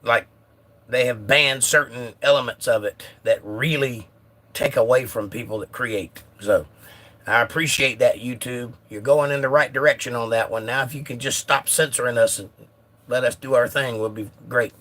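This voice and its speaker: A man hosting a casual live stream who is a little hoarse, reading viewer comments aloud in a laid-back way. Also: mid-range voice, normal speed, a bit bright. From United States. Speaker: livestream host reading chat.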